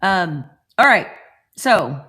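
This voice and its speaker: A woman's voice: lowish voice, very animated, very slow, bright, forceful tone, breathy edge. A middle-aged woman casually chatting on a morning live stream from home, greeting viewers by name as she talks. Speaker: vlogger hosting a live stream.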